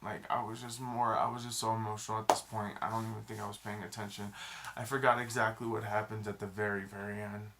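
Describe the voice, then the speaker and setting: A man's voice: on the low side, little pitch movement, fast talker, noisy background. A young man vlogging a casual, rambling movie review, full of fillers and restarts.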